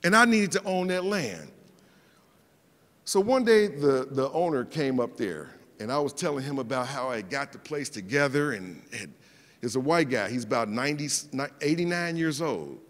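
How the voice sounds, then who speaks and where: A middle-aged man, a guest speaker, telling personal stories in an animated way, often repeating words and acting out the people he quotes. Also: medium pitch, normal speed. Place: event hall. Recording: long hall reverb.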